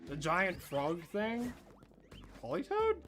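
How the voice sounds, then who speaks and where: Lively young man chatting on stream. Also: a little high, moderate pace, faint music behind. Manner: animated storyteller, laughs often, talks to chat. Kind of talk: casual live-stream chat while gaming.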